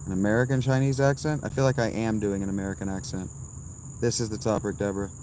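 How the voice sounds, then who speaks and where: A man in his thirties with a lowish voice fires off short, blunt answers to his live chat, often brushing people off. He streams from a campsite outdoors, with faint insects and crickets humming behind him. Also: fairly even intonation, darkish tone, a little hiss or hum. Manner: blunt, dismissive quick answers.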